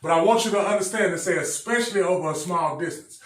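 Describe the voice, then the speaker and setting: Guy preaching a sermon, high voice, repeats himself, mic kinda far off. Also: quick pace, fairly bright tone. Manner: emphatic, repetitive, addresses the congregation directly. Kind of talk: sermon Bible teaching. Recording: echoey room, mic at a distance.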